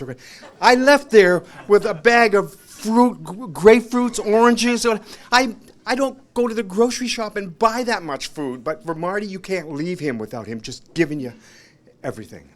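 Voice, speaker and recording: Guy w a slightly high voice giving a rambling memorial speech at a restaurant, emotional, laughing a bit, acting out what people said. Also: animated, normal speed. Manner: rambling anecdotal storytelling, acting out others' lines; emotional, laughing between lines. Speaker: friend giving a memorial tribute. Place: restaurant, gathering of friends and family.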